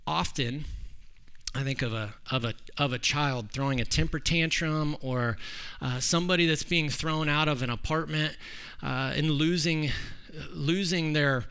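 A man's voice: fairly high pitch, a little slow, bright, forceful tone, clean tone. A man preaching a sermon in a conversational way, often restarting his sentences. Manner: conversational, with frequent restarts and acted quotes.

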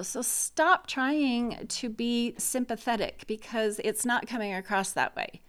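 A woman's voice: high voice, measured pace, hardly any pauses, smooth. A middle-aged woman talking casually and bluntly about grief and support, frank and opinionated.

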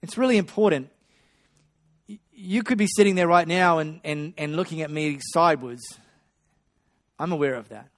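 A man preaching a sermon, swinging between loud excitement and hushed storytelling. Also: a little high, moderate pace, long pauses. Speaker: pastor.

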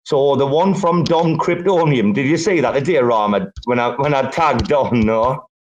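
Young male host, casual live chat, loose swearing banter. Quick and jokey. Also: medium pitch, slight background noise, rough recording. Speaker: host of the space. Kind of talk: casual crypto chat on a live audio space.

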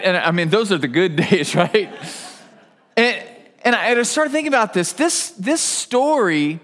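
High-voiced male pastor preaching. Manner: animated storytelling with restarts. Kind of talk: sermon.

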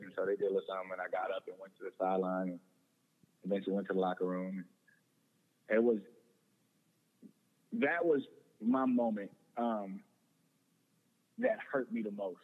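A man's voice: deep voice, normal speed, pauses often. A young man telling a personal story in an earnest way, often repeating words and restarting. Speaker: guest. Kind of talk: personal testimony in conversation. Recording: tinny phone-like sound with long reverb.

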